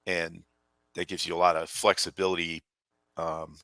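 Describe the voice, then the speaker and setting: A man chatting casually on a podcast panel, explaining things in a relaxed, rambling way. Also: low voice, moderate pace, no room sound. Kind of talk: casual chat.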